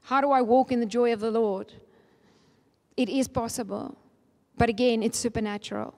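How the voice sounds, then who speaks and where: A woman's voice: a little high, steady tone, normal speed, warm tone. Woman preaching in a hall. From Namibia. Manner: earnest, emphatic with rising spikes. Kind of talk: sermon. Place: church hall. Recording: long church hall reverb.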